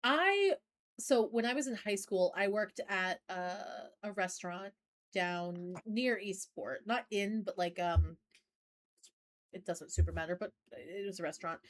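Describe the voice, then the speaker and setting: A woman's voice: medium pitch, measured pace. Rambling woman telling a story. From not from Maine. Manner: rambling storytelling with many fillers and restarts. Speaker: podcast co-host. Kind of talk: casual chat.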